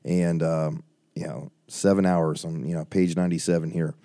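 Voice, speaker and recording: Brief: very low, dark-toned man, interview host, dry close sound. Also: level tone, moderate pace, creaky, dry recording. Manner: conversational, many fillers. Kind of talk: casual interview.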